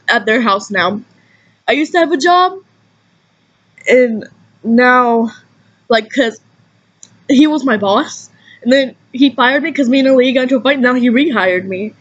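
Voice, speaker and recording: A young woman tells a story to her camera in a casual, animated rush, jumping into the voices of the people she quotes. Her voice sits high and bright in pitch. The recording is dull and lo-fi, like a basic home setup. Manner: animated, acts out quotes, swears freely. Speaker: vlogger.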